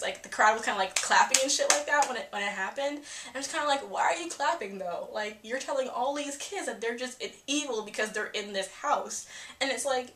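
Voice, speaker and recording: A young woman giving a casual, profane, animated film review, often breaking into quoted asides. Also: on the high side.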